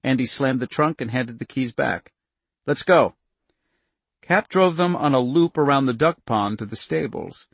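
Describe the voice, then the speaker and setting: A man narrating an audiobook in a steady, measured way on a close mic. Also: mid-range voice, gravelly, no echo.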